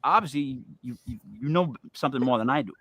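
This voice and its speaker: A brash, joking male host who talks fast and stubbornly in a casual interview. His voice sits at an ordinary pitch. The recording is dry, with little room sound. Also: animated, fairly bright tone, husky, no room sound. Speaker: podcast host.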